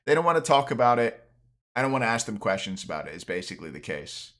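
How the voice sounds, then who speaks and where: A man's voice: medium pitch, very animated, fast, a bit bright. A young man chatting casually on a late-night stream, a little tipsy, rambling and restarting his sentences. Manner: rambling, trails off, frequent restarts. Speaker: streamer and caster.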